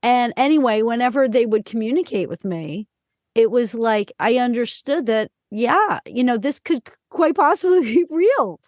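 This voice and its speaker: A middle-aged woman hosts a casual podcast conversation, her fairly high voice wandering through ums and restarts. The sound is dry and close, with no room at all. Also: expressive, normal speed, a little mellow, no room sound. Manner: rambling, many fillers and restarts. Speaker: podcast host. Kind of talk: casual interview chat.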